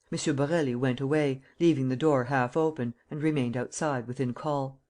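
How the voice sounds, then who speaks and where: An audiobook reader narrating a classic detective novel in a measured, even way. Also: mid-range voice.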